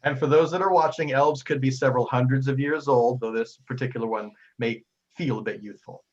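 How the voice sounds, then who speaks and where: Husky-voiced man running a tabletop game. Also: mid-range voice, a little fast, muffled recording. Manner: warm storytelling with frequent ums and restarts. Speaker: game master.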